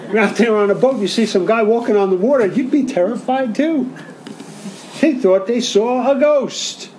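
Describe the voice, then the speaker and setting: High-voiced pastor preaching a sermon. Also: male voice, moderate pace, a little mellow, a little hiss or hum, rough recording. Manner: conversational, asks the congregation questions.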